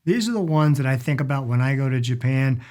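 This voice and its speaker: A man's voice: mid-range voice, expressive, fast, a little mellow. A middle-aged man explaining travel phrases in a casual instructional talk, demonstrating them with stretched vowels. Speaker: language and culture teacher.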